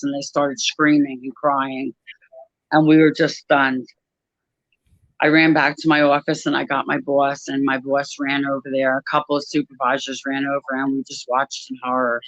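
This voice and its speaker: Halting woman recounting, dull dry recording. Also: rumbling low, little pitch movement, fairly bright tone, no echo. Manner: halting, many pauses and restarts. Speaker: airline crew desk worker. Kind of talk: personal testimony.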